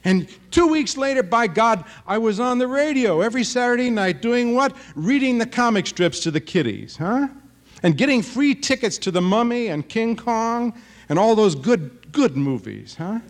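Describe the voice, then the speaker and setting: A man's voice: extremely high pitch, moderate pace. Feisty man in his fifties. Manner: animated, feisty, tags "huh?" after remarks. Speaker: writer giving a talk. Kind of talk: lively speech to an audience.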